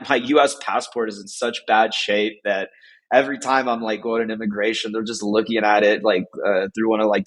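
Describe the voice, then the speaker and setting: Guy from the us rambling on a podcast, kinda low voice, laughs a lot, says like constantly. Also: a bit bright. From United States. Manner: rambling, laughs often, lots of "like". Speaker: podcast guest. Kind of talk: casual podcast chat.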